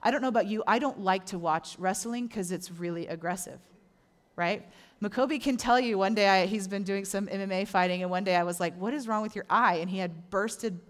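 A middle-aged woman pastor preaching a sermon, animated and acting out the voices she quotes. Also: mid-range voice, fairly quick.

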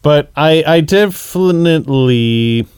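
A man co-hosts a casual movie podcast, chiming in with quick agreements and laughs. His voice sits a little higher than most men's. The sound is close and dry. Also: animated, a little mellow, smooth, no echo. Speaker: podcast co-host.

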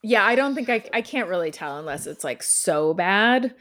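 A woman from Ohio with a Midwestern American accent, co-hosting a podcast in a relaxed, laughing, agreeable way. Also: medium pitch, normal speed. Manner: laid-back, laughs often, agreeable. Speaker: podcast co-host. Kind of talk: casual chat.

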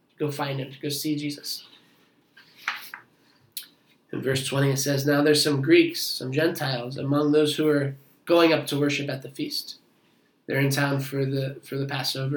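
Man preaching in an echoey room. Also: on the high side. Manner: earnest, explains verses with asides to the congregation. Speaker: pastor. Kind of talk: sermon with scripture reading.

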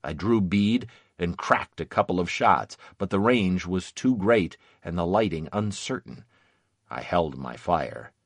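A man narrating a first-person memoir in a measured, grave reading. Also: deep voice, no room sound.

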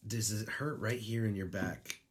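A man's voice: lowish voice, unhurried. A man co-hosting a podcast in casual chat, rambling through stories, laughing and swearing as he goes. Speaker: podcast co-host.

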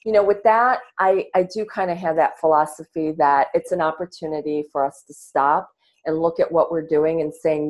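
A woman's voice: low voice, fairly even intonation, moderate pace, a little mellow. A woman guest on a podcast, talking in an earnest, reflective way and swearing casually, over earbuds on a video call. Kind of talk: casual interview talk.

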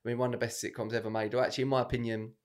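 A man's voice: mid-range voice, flat delivery, rapid-fire, darkish tone. A man hosting a comedy podcast, talking in a chatty, opinionated way. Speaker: podcast host. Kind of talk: casual comedy chat.

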